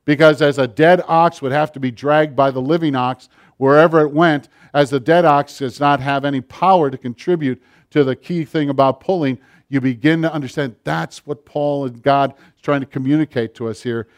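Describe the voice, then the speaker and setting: A middle-aged man preaching a sermon, rising to loud passages and dropping to near-whispers. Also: on the high side, fairly even intonation, moderate pace, few pauses. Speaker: pastor.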